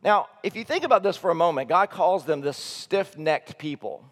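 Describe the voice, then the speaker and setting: A man, a teaching pastor, preaching an earnest, emphatic sermon that swings between soft low lines and loud high ones. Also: animated, normal speed. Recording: long hall reverb.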